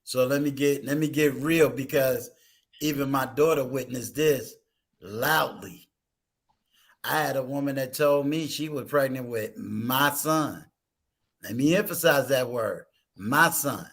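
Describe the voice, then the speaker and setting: A man's voice: mid-range voice, a little slow. A man hosting a casual talk stream, telling a personal story with emphatic rhetorical questions. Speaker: host.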